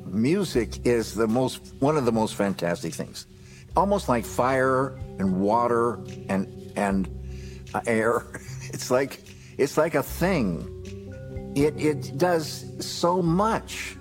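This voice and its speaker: A man talking slowly and haltingly, pausing to reach for the right words. A guitar plays faintly behind him. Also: medium pitch, lively intonation. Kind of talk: casual interview answers.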